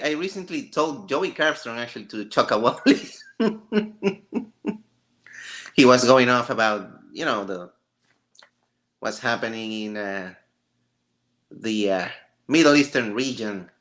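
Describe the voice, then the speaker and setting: A man's voice: medium pitch, slow pace, pauses often, a bit bright. A man hosting a casual live stream, joking and ranting with frequent laughter. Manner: laughs often, jokey and rambling.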